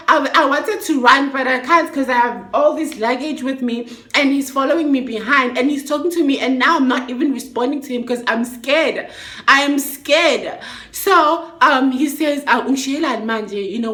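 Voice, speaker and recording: A young woman tells a story in a chatty, expressive vlog style, full of slang and swearing. Her voice sits high and bright. The room around her is echoey. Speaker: vlogger.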